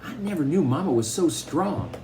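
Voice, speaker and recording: Male reader for a kids' novel, lively rise and fall, faint hiss behind. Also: fairly high pitch, normal speed. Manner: expressive storytelling, first-person boy narrator. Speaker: audiobook reader. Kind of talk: reading a children's novel aloud.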